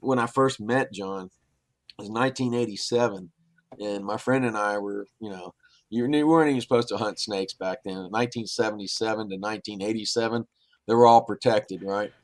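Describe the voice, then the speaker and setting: A man's voice: on the low side, fairly quick, no echo. A middle-aged man, a podcast guest, telling long rambling stories in a casual, anecdotal way. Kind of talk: casual storytelling.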